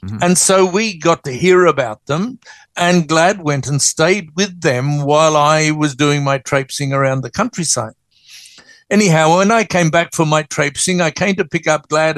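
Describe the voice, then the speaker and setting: Older aussie bloke, folksy yarn-spinning, a bit high, dry close sound. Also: male voice, moderate pace, no room sound. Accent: Australian. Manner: folksy, animated storytelling. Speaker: guest. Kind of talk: storytelling interview.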